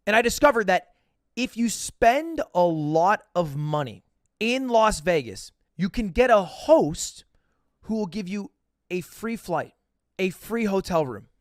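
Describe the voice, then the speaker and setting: A man's voice: high-pitched, sing-song, a little slow, dry recording, clean studio sound. A man telling a casual, profane, self-mocking story as a podcast host.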